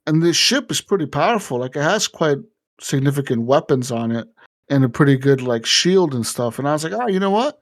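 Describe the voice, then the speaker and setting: A young man on a podcast, telling a video game story in a casual, profane and animated way, acting out the game's dialogue. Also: a little high, fairly quick. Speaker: podcast co-host. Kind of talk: casual gaming chat.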